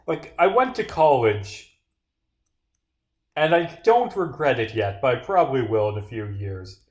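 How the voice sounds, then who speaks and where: A young man rambles through his game, swearing and sarcastic as he chats with his viewers. His voice sits at an everyday middle pitch. The room around him gives it a noticeable echo. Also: animated, a little slow, a little mellow. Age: young adult. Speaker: streamer. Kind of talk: casual livestream commentary while gaming.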